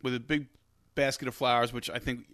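A young man co-hosting a casual sports betting show, animated and swearing freely, his voice jumping high when he gets worked up. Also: fairly quick, no echo, studio quality. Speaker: podcast co-host.

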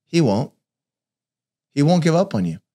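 Here a father earnestly narrates stories in a personal devotional message, imitating the voices of those involved. His fairly high, mellow voice has a sing-song lilt and moves at a moderate pace.

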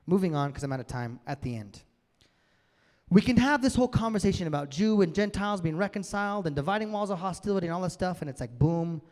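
A man's voice: a little high, darkish tone. A male pastor giving a sermon, conversational and building to emphatic peaks. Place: church hall with long reverb. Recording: reverberant hall sound.

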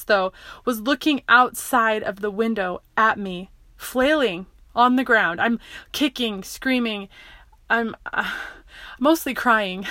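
A woman's voice: medium pitch, steady tone, unhurried, sharp tone, no echo. A woman casually telling a personal story, rambling with many fillers and restarts. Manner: rambling, full of likes and restarts.

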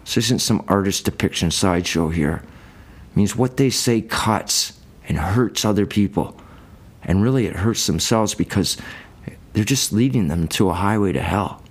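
Man, sermon, lowish voice, relaxed everyday phrasing, Bible teaching. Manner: colloquial, conversational Bible teaching. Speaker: preacher.

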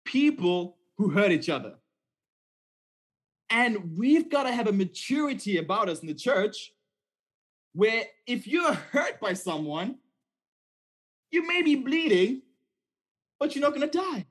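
A man preaching a sermon in a conversational, animated storytelling way, often checking in with "okay?". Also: extremely high pitch, a little slow, pauses often, breathy edge.

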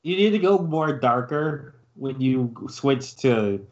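A man co-hosting a casual chat, relaxed, with many likes. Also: medium pitch, slow, highs cut off. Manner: relaxed, heavy use of "like". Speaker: podcast co-host.

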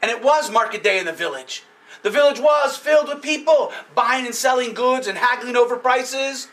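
High-voiced, animated male storyteller. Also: moderate pace, far from the mic. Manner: animated, playful, with sound effects and audience questions. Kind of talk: live storytelling for children.

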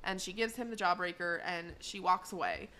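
A woman's voice: fairly low pitch, steady tone, normal speed, sharp tone. A woman co-hosting a podcast, recapping an episode in a chatty, giggly way with lots of fillers. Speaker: podcast co-host.

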